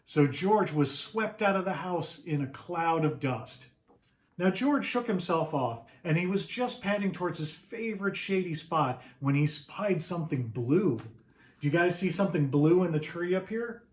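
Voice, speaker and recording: A man reading his own picture book to children in an animated read-aloud, pausing to ask them questions. His voice sits a little high for a man. A roomy echo surrounds the recording.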